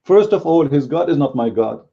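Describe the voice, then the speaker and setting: A man's voice: on the high side, animated, moderate pace, vocal fry, mellow, slightly rough, highs cut off. A man whose first language is Arabic, giving blunt, combative commentary as a Christian apologist in a casual video. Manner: blunt and combative, speaks bluntly by his own account.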